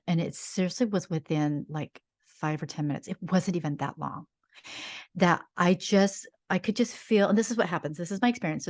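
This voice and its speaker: A woman with a slightly low-pitched voice hosts a podcast and tells a personal story. She speaks earnestly and from the heart, often stopping to add "like" as she searches for words. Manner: earnest and heartfelt, with frequent "like" fillers. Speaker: podcast host.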